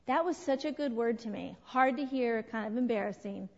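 A middle-aged woman leading a church parenting class. She talks in an animated way, asks the group questions and acts out what people said. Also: fairly high pitch, moderate pace. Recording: dull lo-fi sound with long hall reverb.

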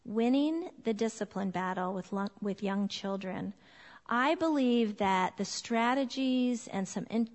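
A woman in her forties giving a church talk on parenting, chatty and full of fillers. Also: medium pitch. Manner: warm, chatty, laughs often, many fillers. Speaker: women's ministry speaker. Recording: long hall reverb.

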